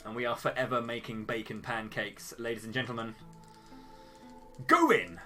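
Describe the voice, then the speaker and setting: A man's voice: medium pitch, level tone, fast, bright, forceful tone, soft background music. A man commenting playfully and jokily on his own live game speedrun. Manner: jokey, playful, theatrical.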